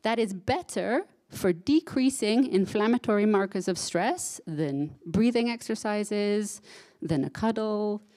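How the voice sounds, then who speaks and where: A woman's voice: mid-range voice, animated, unhurried, mellow. Woman speaker at a conference, chatty and heartfelt, keeps asking the room "right?". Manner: conversational, engages audience with frequent "right?"; emotional, self-described crier. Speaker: psychotherapist giving a talk. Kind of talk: live conference talk.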